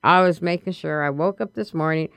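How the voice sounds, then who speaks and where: A woman's voice: sits low, fairly quick, gravelly, smooth, no room sound. A woman hosting a radio talk show in a studio, chatting casually and laughing often.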